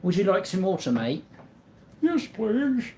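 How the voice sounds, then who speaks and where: A man's voice: sits high, wildly swooping pitch, measured pace, mellow, slight background noise, voice pushed up, exaggerated voice. A man voicing a chummy British man who offers tea, with a put-on British accent and a playful, mock-posh manner.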